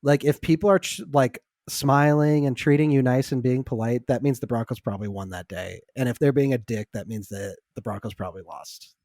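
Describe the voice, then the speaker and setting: A man co-hosting a casual sports podcast, teasing and laughing easily in relaxed banter. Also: mid-range voice, fairly quick, few pauses, no room sound, clean studio sound. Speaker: podcast co-host. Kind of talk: casual chat.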